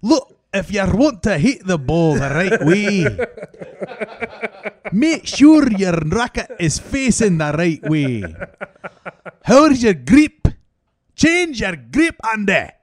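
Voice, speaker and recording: A man's voice: fairly high pitch, measured pace, breathy edge. A man voicing a pushy female tennis coach who barks the same orders over and over. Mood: bossy. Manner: barking repeated orders.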